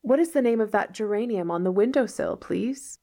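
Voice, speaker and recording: A woman's voice: fairly high pitch, expressive, moderate pace, mellow, voice pushed up. A woman reading aloud as a dramatic, imaginative orphan girl, with a theatrical, pleading manner. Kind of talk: read-aloud novel dialogue.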